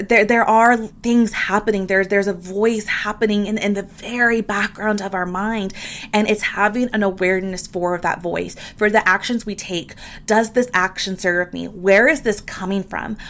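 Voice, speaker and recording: A woman's voice: medium pitch, fairly bright tone. Earnest woman podcaster speaking to listeners. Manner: earnest, emphatic, repeats words when moved. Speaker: podcast host. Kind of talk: candid personal podcast monologue.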